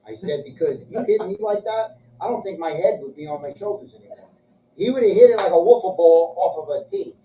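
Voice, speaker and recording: Fairly quick and lively in intonation, this high-voiced man is swapping crude, profane tales and doing the voices of the people in them. It's casual storytelling, picked up with slight background noise from a distance in a muffled, echoey room.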